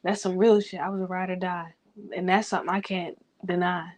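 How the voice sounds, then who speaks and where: A young woman venting in a rambling personal vlog, talking quickly, swearing a lot and talking to herself. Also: on the low side, flat delivery. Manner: fast, rambling, heavy swearing, self-talk. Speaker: vlogger.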